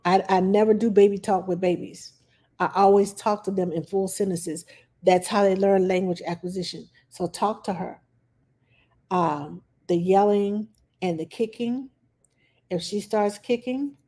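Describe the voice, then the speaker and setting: A woman nanny giving parenting advice in a calm, plain-spoken casual talk, with frequent pauses and fillers. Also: mid-range voice.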